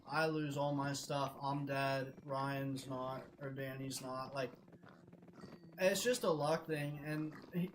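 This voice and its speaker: Excitable young man retelling a game story. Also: on the high side, slight background noise, low-quality recording. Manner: excitable, swears constantly, laughs between lines. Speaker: streamer. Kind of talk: animated gaming story retelling.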